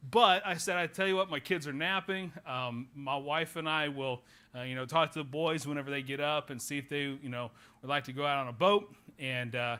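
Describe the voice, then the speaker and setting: A man's voice: a little high, bright, forceful tone, clean tone. A man in his thirties with an Oklahoma accent, a pastor telling a folksy, rambling story during a church service. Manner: folksy, rambling anecdote with many fillers. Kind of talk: sermon storytelling. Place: church sanctuary.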